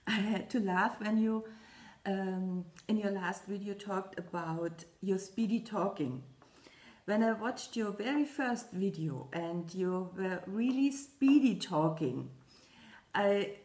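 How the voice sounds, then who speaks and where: Woman chatting slowly on her craft vlog, lots of ums, echoey room. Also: medium pitch, darkish tone. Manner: slow, hesitant, many fillers and restarts. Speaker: Flosstube vlogger. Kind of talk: casual chat to camera.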